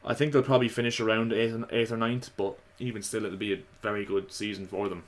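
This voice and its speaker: A man giving casual, opinionated football commentary to his viewers, slightly hoarse. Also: fairly low pitch, flat delivery, fast. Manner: chatty, opinionated, addresses viewers as lads. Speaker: football vlogger.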